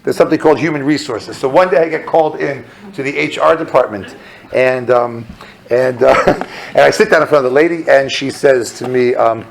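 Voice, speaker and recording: A man in his thirties from the American South, a rabbi telling a personal story to an audience, animated and acting out dialogue in different voices. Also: medium pitch, brisk, vocal fry, low-quality recording. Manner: animated, acts out dialogue in voices, many fillers. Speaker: rabbi giving a talk.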